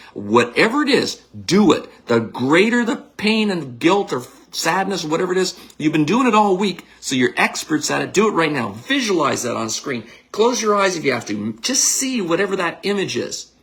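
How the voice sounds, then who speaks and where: A middle-aged man, a psychic medium leading a guided visualization talk in a blunt, energetic, casual coaching manner. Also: a little high. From Canada.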